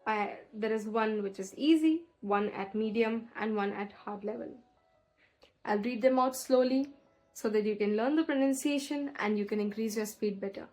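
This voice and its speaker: A woman teaching French pronunciation in an online lesson, explaining clearly and slowing down to model words. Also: fairly high pitch, darkish tone, faint music behind, poor audio.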